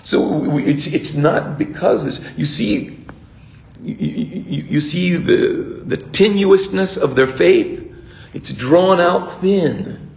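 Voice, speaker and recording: An older man preaching a sermon as a priest, reflective and halting, often restarting his words. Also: high-pitched, vocal fry, a little mellow, echoey room, lo-fi sound.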